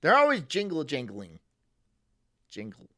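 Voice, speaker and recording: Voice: mid-range voice, wildly swooping pitch, unhurried, bright, forceful tone. A streamer delivering a sarcastic, profane ranting monologue on a live stream, full of mocking asides.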